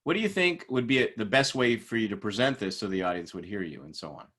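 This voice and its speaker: A man's voice: on the low side, quick pace. A middle-aged man teaching a class in a casual lecture style, telling workplace stories and acting out the people in them. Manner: animated storytelling, acts out quoted people. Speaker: instructor. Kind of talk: informal lecture with anecdotes.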